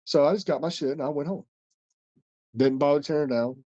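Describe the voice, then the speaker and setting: Blunt, foul-mouthed man with a dark voice. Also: fairly high pitch, fairly quick, no room sound, highs cut off. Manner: blunt, heavy swearing, rambling. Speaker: podcast host and wrestler. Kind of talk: casual storytelling.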